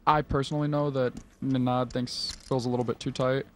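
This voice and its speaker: A man giving measured, analytical expert commentary on poker hands, with frequent filler pauses. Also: medium pitch, little pitch movement, a little hiss or hum.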